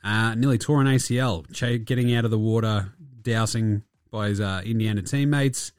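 An Australian man hosts a sports podcast, tossing out swear-laden jokes and sarcastic asides over the week's games. His voice sits at a middling pitch, and the recording is dry and close with no room sound. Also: fairly quick, a bit bright, dry recording. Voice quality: profane, joking, sarcastic. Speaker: podcast host. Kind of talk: casual sports commentary.

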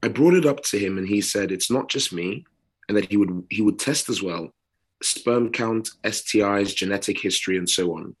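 A British man with a very low, deep voice talks on a casual podcast. He speaks earnestly and unhurriedly, leaning into pauses and repeating words as he builds his point. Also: slightly rough. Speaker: podcast co-host.

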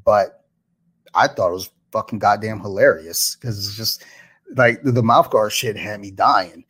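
A man with a slightly low voice, hosting a laid-back podcast conversation. He talks in an easygoing way, laughs often and swears casually. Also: measured pace, a bit bright, slightly rough. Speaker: podcast host.

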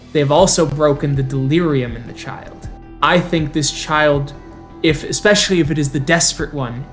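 A player voicing a legendary male werewolf king with an Irish accent, speaking loudly and declaring each point slowly to a gathered council. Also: mid-range voice, natural voice. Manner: loud, declamatory, slow emphatic phrasing. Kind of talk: in-character roleplay speech.

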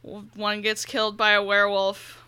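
A woman co-hosting a movie podcast, talking bluntly and laughing often. Her voice is bright and crisp. The sound is dry and close. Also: medium pitch, completely flat delivery, no room sound. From United States. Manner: blunt, laughing, quick to swear. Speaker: podcast co-host. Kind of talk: casual chat.

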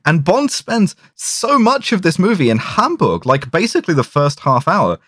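A man co-hosting a casual podcast about a film, talking in an animated, sweary way with frequent restarts and laughs. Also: high-pitched, moderate pace, dry recording, clean studio sound. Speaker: podcast co-host.

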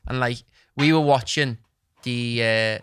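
A man's voice: mid-range voice, slow pace, smooth, no room sound. A young man hosting a podcast, telling anecdotes in casual chat, laughing and acting out the voices of the people in his stories. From Liverpool, England. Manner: animated storyteller, laughs, acts out voices in anecdotes. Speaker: podcast host.

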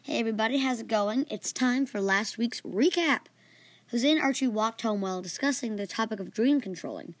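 A woman narrating a story podcast in a lively, playful way. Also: on the high side, a little fast, no room sound. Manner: lively, playful, doing character voices.

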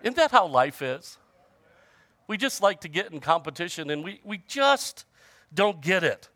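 A man preaching to a congregation in a conversational way, joking with the listeners and calling out for their response. His voice sits high and swings widely in pitch. It is bright and close, with a dry sound. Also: sing-song, unhurried, no echo. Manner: conversational preaching with humor and audience call-outs. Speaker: pastor. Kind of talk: sermon.

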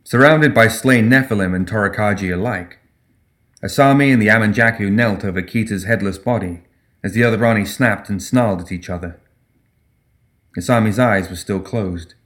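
Deep voiced guy reading a grim fantasy story, steady and measured. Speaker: narrator. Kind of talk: scripted narration of a dark fantasy story.

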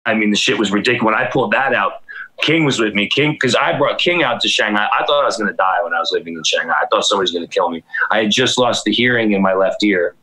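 A man's voice: on the low side, animated, fast talker, sharp tone, breathy edge, low-quality recording. A man casually telling a long, rambling, profane anecdote on a podcast, full of restarts and acted quotes. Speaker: guest storyteller.

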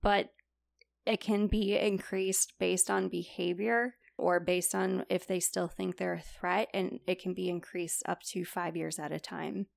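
A young woman with a lowish, gravelly voice talks casually as a podcast co-host. She retells stories by acting out who said what, leaning on "like" as a filler. The sound is close and dry. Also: little pitch movement, a little slow, no echo. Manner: chatty, retells stories with quoted dialogue, many "like" fillers. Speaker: podcast co-host presenting a report. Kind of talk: casual chat.

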